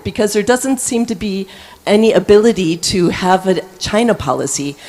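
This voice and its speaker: A woman's voice: lowish voice, darkish tone. A woman from the audience asking a panelist a direct, articulate, pointed question. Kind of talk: conference question.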